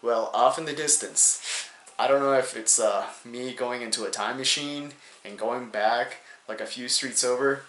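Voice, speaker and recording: A man's voice: mid-range voice, measured pace, fairly bright tone, a little hiss or hum. Rambling young man in a roomy room. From New Hampshire, USA. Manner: rambling, many fillers, laughs between phrases. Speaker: storyteller. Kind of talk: casual comedic storytelling. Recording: roomy echo.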